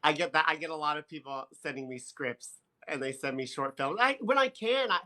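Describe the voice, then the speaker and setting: A man co-hosting a casual live stream, chatty and quick to laugh, reading viewer comments aloud. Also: fairly high pitch, sharp tone. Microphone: phone.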